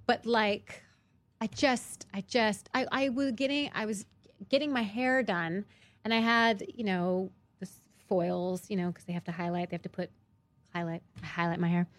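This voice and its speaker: A woman chatting casually as a co-host, an animated storyteller whose voice jumps high when she retells arguments. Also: moderate pace, no echo. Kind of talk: casual chat.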